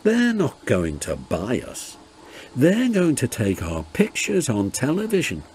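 Good-humoured engine driver, teasing, slow, voiced by a male reader. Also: medium pitch, wildly swooping pitch, a little mellow, pitched above the performer's own voice. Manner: teasing, amused.

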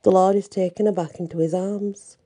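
A woman's voice: medium pitch, steady tone, a little fast, natural voice. Woman reading as a weary grieving chaplain. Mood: sorrowful. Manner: weary, soft-spoken. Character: gentle grieving male prison chaplain.

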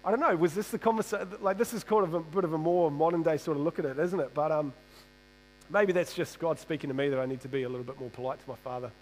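A man with a fairly high voice preaches a sermon in a church. He keeps it casual and jokey, restarting and repeating words as he goes. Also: fast, low-quality recording.

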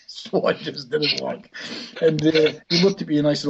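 A man's voice: fairly high pitch, normal speed, gravelly, a little hiss or hum. A man, a hypnotist guest telling rambling anecdotes in a podcast interview. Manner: rambling anecdotal, frequent restarts. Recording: dull lo-fi recording.

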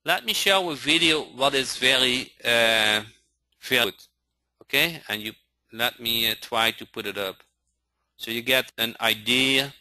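A man teaching a live online training, speaking haltingly and often checking in with his listeners. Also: mid-range voice, sharp tone. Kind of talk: live webinar instruction.

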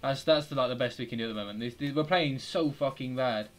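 A man's voice: mid-range voice, fast talker, soft background music. A young man with a British accent giving live commentary on his football video game stream, talking to his players and swearing at them. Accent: British English. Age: young adult. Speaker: gaming streamer.

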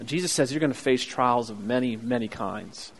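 A man preaching a sermon as pastor, telling a childhood story with acted-out voices and loud excited bursts. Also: mid-range voice, moderate pace, husky, long reverb tail. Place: church sanctuary.

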